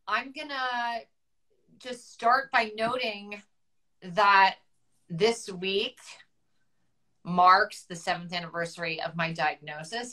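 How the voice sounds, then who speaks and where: A woman's voice: lowish voice, bright, forceful tone, poor audio. A middle-aged woman, a guest author, telling her story candidly and with emotion, chatty with many restarts, over a video call.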